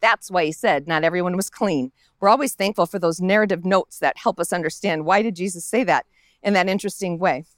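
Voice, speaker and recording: A woman's voice: fairly low pitch, brisk, no room sound, studio quality. A woman pastor giving a conversational sermon outdoors in a park, acting out the lines of the characters in the story as she goes.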